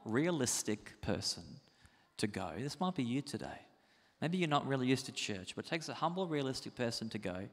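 A man preaching a sermon as pastor, animated and conversational, asking the congregation rhetorical questions. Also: mid-range voice, big-room sound.

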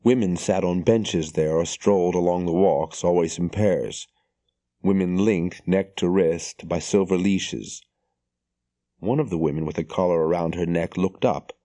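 Deep mellow guy reading an audiobook, steady and measured, super dry close sound. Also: dry recording. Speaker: audiobook narrator. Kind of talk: scripted audiobook narration.

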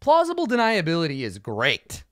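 Blunt, lively-voiced man answering fans. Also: on the high side, dry recording, studio quality. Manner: blunt, profane, acts out quick mock dialogue. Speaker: game master answering fan questions. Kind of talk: casual livestream Q&A.

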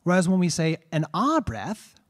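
A man with a slightly higher voice teaches a trombone masterclass. He explains breathing step by step, asks rhetorical questions and demonstrates vowel sounds aloud. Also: wildly swooping pitch, normal speed. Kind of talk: masterclass lecture.

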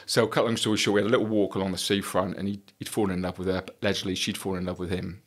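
A man's voice: deep voice, little pitch movement, rapid-fire. A middle-aged man, a former police detective, telling a story on a podcast in a blunt way, swearing freely and acting out the dialogue.

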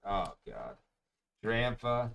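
A man's voice: on the low side, sing-song, very slow, vocal fry, fairly bright tone. A young man hosting a live card break, chatting casually and calling out each card as he opens packs. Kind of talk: live-streamed pack opening chat.

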